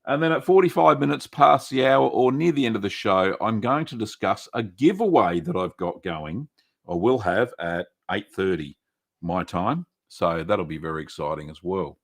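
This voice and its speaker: A man with an Australian accent hosts a relaxed livestream and reads out viewers' names one by one. He talks in a friendly, rambling way with plenty of fillers. His voice sits fairly low. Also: normal speed, creaky. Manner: chatty, greets viewers by name, many fillers. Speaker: livestream host. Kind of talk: casual livestream chat.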